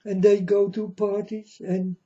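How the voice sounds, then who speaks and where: High-voiced, scornful man ranting. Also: flat delivery, a little slow, dark tone. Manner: blunt, scornful, preachy. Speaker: channel host. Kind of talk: ranting monologue. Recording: dull lo-fi recording.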